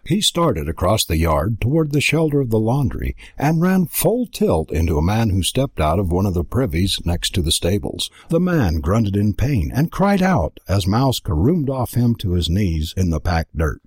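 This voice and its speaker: A man giving a dramatic, expressive scripted narration of a storybook. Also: lowish voice, normal speed, few pauses, slightly rough, dry recording, studio quality. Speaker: audiobook narrator.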